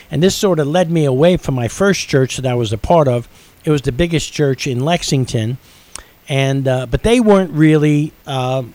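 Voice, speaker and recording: A man's voice: a little high, darkish tone, rough recording. Earnest man telling his faith story. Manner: earnest storytelling, building intensity. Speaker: radio show host. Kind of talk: personal testimony on radio.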